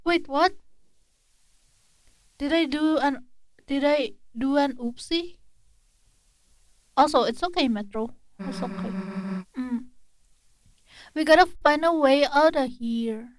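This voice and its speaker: High-voiced, jumpy woman gaming. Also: slow, pauses often, no echo. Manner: jumpy, giggly, easily startled. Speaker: streamer. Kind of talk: casual gameplay commentary.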